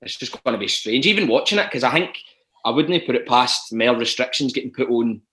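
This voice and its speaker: A Scottish actor, appearing as a guest on a casual podcast, talks in a medium-pitched, animated voice that is brisk and sharp in tone. He is hesitant, restarting often and leaning on fillers like "do you know what I mean."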